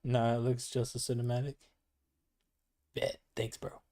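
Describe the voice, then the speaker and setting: A young man with a gravelly voice, chatting casually and slangily as a gaming host reviewing footage. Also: medium pitch, flat delivery, a little slow, warm tone. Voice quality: gravelly, like a chain smoker. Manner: laid-back, slangy. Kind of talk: casual chat while reviewing gameplay footage.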